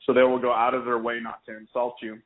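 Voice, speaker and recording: A man's voice: medium pitch, quick pace. A man co-hosting a podcast, rambling through casual anecdotes. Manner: rambling, animated, puts on voices in anecdotes. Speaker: podcast co-host. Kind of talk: casual chat. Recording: tinny phone-like line.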